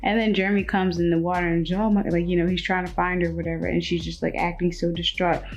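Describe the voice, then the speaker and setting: A young woman vlogging casually about a book, retelling the plot in an animated way and acting out quotes. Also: on the low side, quick pace, muffled recording, faint music behind. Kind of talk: casual chat.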